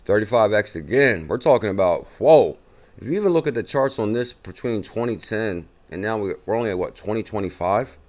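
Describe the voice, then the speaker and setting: A man hosting a casual crypto news show, reacting excitedly and repeating figures from a clip he plays. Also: fairly low pitch, fairly quick, hardly any pauses. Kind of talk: casual chat.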